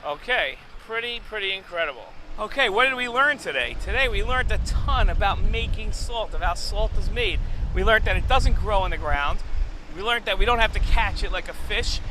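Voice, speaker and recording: A man's voice: high voice, lively intonation, moderate pace, pushed and bright, a little hiss or hum. A man hosting a children's educational show, upbeat and enthusiastic, repeating phrases for young viewers while recording on his own. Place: alone in a recording space.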